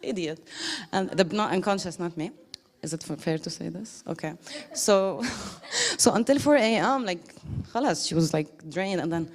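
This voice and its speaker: A woman's voice: on the low side, lively intonation, normal speed. A woman giving a casual, emotional thank-you speech to a group, laughing often and quoting others.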